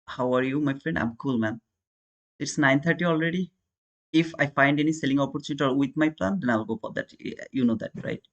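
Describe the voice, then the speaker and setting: Talking a little fast in a mid-range voice, heard through dull audio, a day trader with an Indian accent hosts his live trading stream. He chats casually with viewers, calls them brother, and answers the chat.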